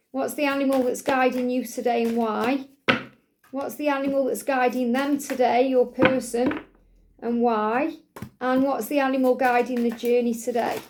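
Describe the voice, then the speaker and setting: A woman giving a spiritual tarot and oracle card reading, in a gentle, repetitive, soothing way. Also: high voice.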